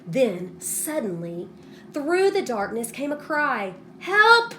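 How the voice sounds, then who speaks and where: Slow, expressive woman teacher reading aloud. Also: on the high side, a little hiss or hum. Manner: slow, expressive, pauses to prompt students. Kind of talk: reading a storybook aloud to students.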